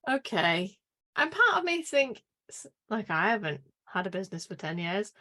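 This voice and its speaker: Podcast co-host, woman, mid-pitched voice, wry and opinionated in casual chat. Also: big pitch swings, normal speed, pushed and bright.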